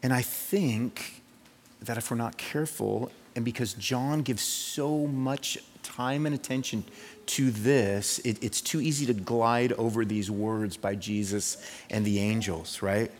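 A male pastor delivering a sermon in an easy, conversational style, often turning to the congregation with a quick "right?". His voice sits in a middle register. The sound carries a long reverb from a church hall. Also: medium pitch.

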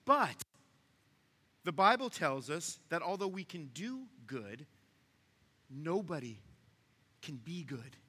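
Man preaching, high voice, bright tone, conversational sermon. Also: very animated, slow pace, long pauses, breathy edge, in a large hall. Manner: conversational, asks the room to follow along. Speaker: pastor.

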